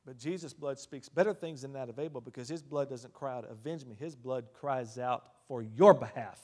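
A man preaching a sermon who swings between hushed asides and loud emphatic declarations, calling out hallelujah and amen between points. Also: medium pitch, normal speed. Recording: long reverb of a large hall.

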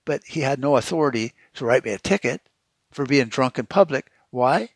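A man's voice: medium pitch, expressive, normal speed, no room sound. Foul-mouthed man ranting. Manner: swears constantly, heated and sarcastic. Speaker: podcast host. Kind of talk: profane rant.

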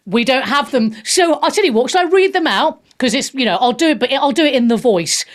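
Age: adult. Sex: woman. Role: talk radio host. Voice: fairly high. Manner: chatty, frank, stumbles and restarts. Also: lively intonation, a little fast, few pauses. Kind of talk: casual live radio chat.

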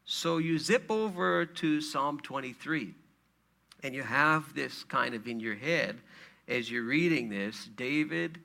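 A man's voice: medium pitch, vocal fry, bright, forceful tone. A man preaching a sermon in a conversational way, with fillers and rhetorical questions. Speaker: pastor.

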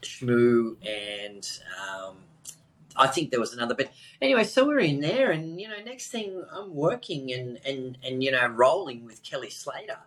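A man's voice: medium pitch, normal speed, low-quality recording. Man, podcast host, casual storyteller, easygoing and chatty. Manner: relaxed, animated anecdotes with many fillers.

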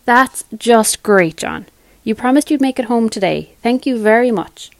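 A woman's voice: on the high side, expressive, fairly quick, gravelly, darkish tone, no echo. A woman voicing a stressed, snappish woman who is overwhelmed by work and Christmas, with curt, sarcastic replies. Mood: irritated.

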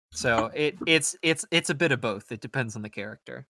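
A man's voice: mid-range voice, lively intonation, moderate pace, gravelly, sharp tone, a little hiss or hum. A man co-hosting a tabletop podcast, talking casually about doing character voices, swearing and restarting often. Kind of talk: casual chat.

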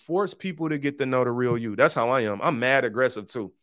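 A man hosting his own podcast in a casual, animated, preachy monologue full of slang. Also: medium pitch, brisk, no echo, studio quality. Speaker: podcast host.

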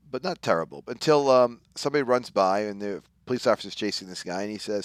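A man's voice: fairly low pitch, expressive, fast, few pauses, dry recording, clean studio sound. Man retelling a comic story. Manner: retells the story, briefly acting out lines. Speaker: podcast co-host. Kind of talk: casual comic book discussion.

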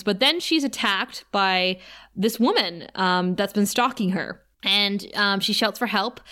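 A woman recaps a TV episode in loose, casual podcast chat, talking in an animated way and breaking into laughter often. Her voice sits in a middle register. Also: medium pitch. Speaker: podcast co-host.

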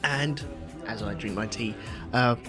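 A man's voice: mid-range voice, unhurried, a bit bright, soft background music. A man co-hosting a podcast in casual chat, joking around. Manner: jokey, slips into mock Cockney voices. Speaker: podcast co-host.

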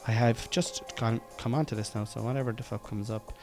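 A man in his thirties with a Cork Irish accent talks over music while hosting his comedy podcast, his medium-pitched voice fairly even in intonation and a little fast. The monologue rambles loosely and chattily, self-deprecating and riddled with fillers and restarts.

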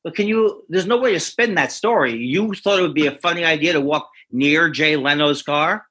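A male comedian who tells a long, self-deprecating anecdote in a rambling way, often stopping and restarting his sentences. His voice is husky, bright and forward. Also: on the high side, normal speed. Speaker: stand-up comedian, guest. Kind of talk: anecdotal storytelling.

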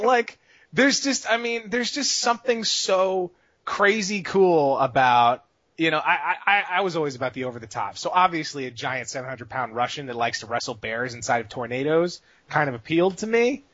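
A man's voice: on the high side, a bit bright, lo-fi sound. A man co-hosting a casual podcast chat, rambling with enthusiasm and steering the talk. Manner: rambling, enthusiastic, laughs along.

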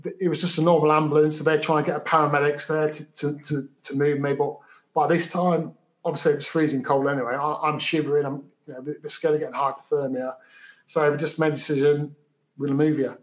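Guy telling his story, kinda high voice, stumbles and repeats a lot. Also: level tone. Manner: halting, repeats words, matter-of-fact. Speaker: guest. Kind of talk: storytelling in an interview.

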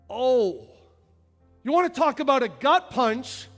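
A male pastor preaching a sermon, dropping to quiet low stretches and then rising to loud shouted passages. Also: big pitch swings, normal speed. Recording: reverberant hall with faint music.

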